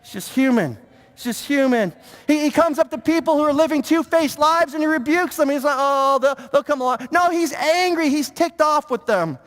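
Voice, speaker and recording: A man preaching to his congregation, with a strikingly high voice. He talks in an animated way, often stammering and repeating words as he goes. The sound carries a long church-hall reverb. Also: normal speed. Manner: animated, stammering repetitions, mock-pious impressions. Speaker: pastor. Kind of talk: sermon. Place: church sanctuary.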